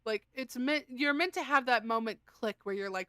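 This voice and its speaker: A woman's voice: fairly high pitch, fairly bright tone, clean tone, no echo. A woman player in casual chat, explaining with lots of fillers. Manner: fast, filler-heavy explaining.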